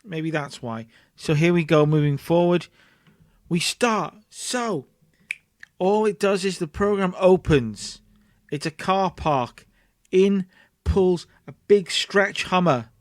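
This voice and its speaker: A man's voice: high voice, slow pace, no room sound, studio quality. A man hosting a casual let's play, chatty, narrating and acting out scenes. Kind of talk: casual game commentary.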